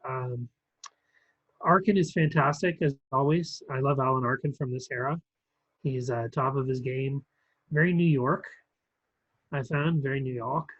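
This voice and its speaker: A man's voice: medium pitch, dry recording, muffled recording. A man co-hosting a film review podcast, talking casually with many ums and restarts. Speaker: podcast co-host reviewing films. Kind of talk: casual chat.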